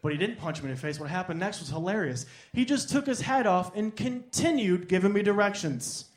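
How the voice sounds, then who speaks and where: A man's voice: high-pitched, expressive, fairly quick. A man in his thirties doing a wry, self-deprecating stand-up set at an open mic. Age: 30s. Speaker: stand-up comedian.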